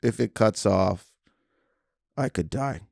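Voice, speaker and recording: A man doing an impression of a calm, half-asleep male magician who speaks slowly and flatly. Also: on the low side, gravelly, no echo, studio quality, exaggerated voice. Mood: deadpan calm. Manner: calm, drowsy, drawn-out delivery.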